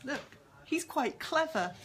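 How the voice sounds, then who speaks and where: A woman's voice: high-pitched, animated, slow, fairly bright tone, slight background noise. A woman hosting a casual live stream from a pub, chatty and giggly as she greets viewers and jokes with her guest. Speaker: host and author.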